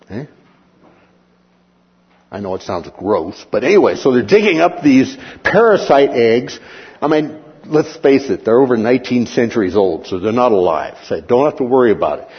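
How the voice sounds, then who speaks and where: A man giving a slide lecture on history, rambling with many pauses and fillers and asking and answering his own questions. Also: mid-range voice, expressive, slightly rough, big-room sound, dull audio.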